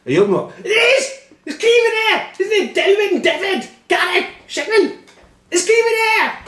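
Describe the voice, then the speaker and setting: A man's voice: sits high, very animated, a little slow, warm tone, roomy sound, pitched above the performer's own voice. A man putting on a gullible young rugby player who squeals in disbelief and repeats himself. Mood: astonished shrieking. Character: wildly excited young male rugby player, gullible and shrieking.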